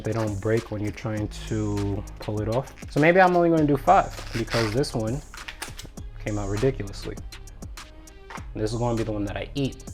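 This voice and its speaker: A man hosting a casual cooking vlog in his home kitchen, chatty and talking to himself as he works, a bit out of breath. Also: on the low side. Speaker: cooking channel host.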